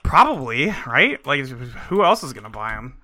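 Bright, lively man trading jokes. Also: medium pitch, moderate pace. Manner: animated, jokey, deadpan asides. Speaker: podcast co-host. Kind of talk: casual comedic book discussion.

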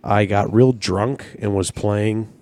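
Deep-voiced crude podcast storyteller man. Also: fairly even intonation, takes it slowly, mellow, dry recording. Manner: crude, rambling storyteller who acts out his own reactions. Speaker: podcast co-host. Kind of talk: casual podcast chat.

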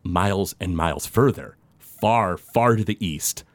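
A man's voice: low voice, a little slow, dry recording. A man narrating a tabletop game as game master, describing scenes loosely with many fillers.

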